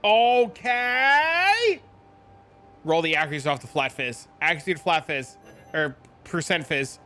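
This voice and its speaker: A man streaming a game, chatting casually, excitable and swearing often as he thanks his viewers. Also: on the high side, brisk, faint music behind. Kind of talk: casual live-stream chat.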